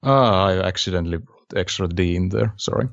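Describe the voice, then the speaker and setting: A man's voice: sits low, fairly quick, vocal fry. A man making brief, dry remarks as co-host of a comic reading. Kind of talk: casual banter. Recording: dull lo-fi mic.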